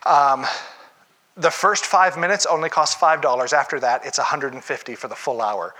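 Man doing a curt, barking, impatient therapist; bright, tense delivery. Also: a little high, normal speed. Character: blunt impatient male therapist.

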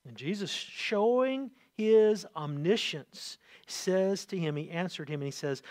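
A man preaching with a high, light voice, recorded dry and close with almost no room sound. He is animated, repeating words as he goes, dropping to quiet asides and rising to loud emphasis. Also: a little slow, few pauses, dry recording. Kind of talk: sermon.

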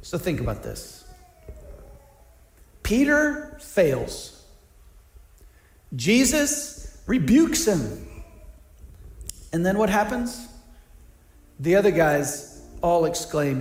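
A high-pitched male pastor delivers a sermon in a reverberant church hall. He swings from quiet, earnest appeals to animated, playful voices for the people in his story. Soft music sits faintly underneath. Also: drawn-out words, long pauses. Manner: dynamic preaching, acts out voices with big pitch swings.

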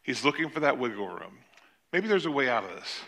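A man's voice: mid-range voice, sing-song, brisk, creaky, pushed and bright. An older man preaching a sermon, retelling a scripture story in a conversational way with joking asides. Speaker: pastor.

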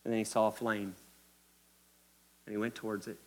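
A man's voice: fairly low pitch, level tone, moderate pace, a little mellow. A man from Kentucky with a Kentucky accent, preaching a sermon as a pastor in a church, repeating key phrases with emphasis and speaking straight to the congregation. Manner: emphatic, repetitive, addresses the congregation directly.

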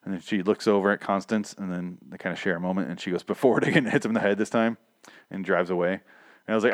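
A man's voice: low voice, fast talker, no room sound, studio quality. A man casually recapping a TV episode, rambling and profane, laughing at his own asides.

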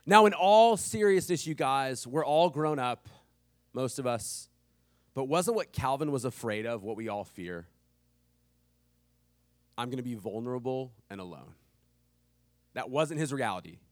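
A man's voice: mid-range voice, dry recording. A man in his thirties preaching a sermon, telling a family story casually and with humor. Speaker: pastor.

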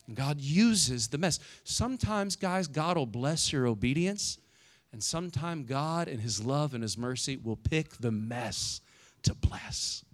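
A middle-aged man preaching a sermon as a pastor, in a conversational way, often adding "right?" and swinging from loud emphasis to hushed, quiet moments. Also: medium pitch, lively intonation, unhurried.

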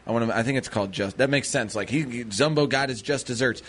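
A man's voice: mid-range voice, fast, fairly bright tone, husky. A man co-hosting a radio show in casual banter, rambling and playful, sometimes slipping into silly voices. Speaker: radio co-host.

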